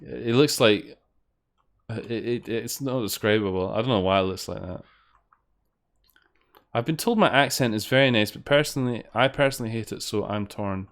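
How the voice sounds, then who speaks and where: A man's voice: lowish voice, normal speed. A man giving rambling, casual commentary while streaming a game, swearing now and then. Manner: rambling, chatty, swears when frustrated. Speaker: streamer playing fangames.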